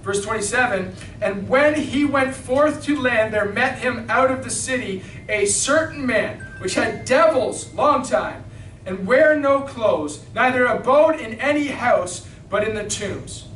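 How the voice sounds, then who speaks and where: High-voiced fervent man preaching in hall. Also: lively intonation, a little slow. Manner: fervent, emphatic, bursts into shouting. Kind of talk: King James sermon, Bible reading and exhortation. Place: small church hall. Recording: roomy hall, mic at a distance, faint noise.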